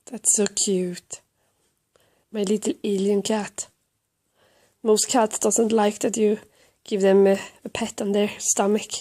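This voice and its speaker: Hoarse Swedish woman, slow and rambling. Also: medium pitch, little pitch movement, warm tone. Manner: rambling, self-mocking, baby-talk to her cat. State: hoarse from a cold. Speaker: vlogger filming her cat. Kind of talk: casual home vlog. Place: lying on a couch at home.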